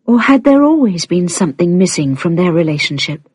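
A woman narrates a novel in an unhurried, expressive way, her pitch moving a lot. Her voice sits low and a little husky, and the recording is dry and close. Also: no echo. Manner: calm, unhurried storytelling. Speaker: audiobook reader. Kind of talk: scripted narration.

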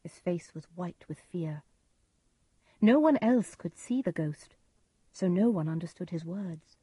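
A woman giving calm, measured storybook narration. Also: lowish voice, husky, no room sound.

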